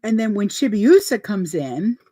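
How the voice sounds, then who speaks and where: A woman's voice: medium pitch, sing-song, moderate pace, warm tone. A woman vlogger chatting casually and telling anecdotes while talking through her sewing steps.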